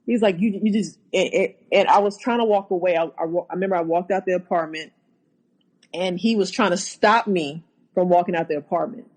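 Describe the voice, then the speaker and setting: A woman telling her own story as a podcast guest, halting and repeating herself, acting out what was said. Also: on the low side, a little mellow, rough recording. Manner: halting, repeats words, acts out quotes. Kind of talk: personal account in a podcast interview.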